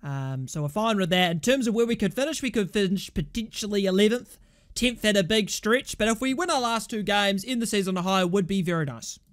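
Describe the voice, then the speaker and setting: A young man casually commentating his own football management game, chatting through results and shouting at goals and bad calls. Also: high voice, lively intonation, a little fast. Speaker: gaming YouTuber.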